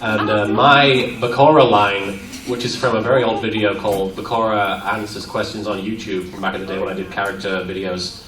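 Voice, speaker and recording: A man answering fan questions at a convention panel, animated and playful, laughing often. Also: on the low side, fairly quick. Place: convention room at a university. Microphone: audience camera from far off. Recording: echoey room, far off, crowd around.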